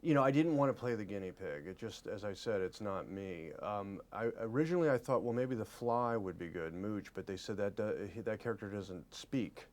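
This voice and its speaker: A man in his forties giving a press interview as an actor, earnest and halting, often repeating his words. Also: fairly low pitch, expressive.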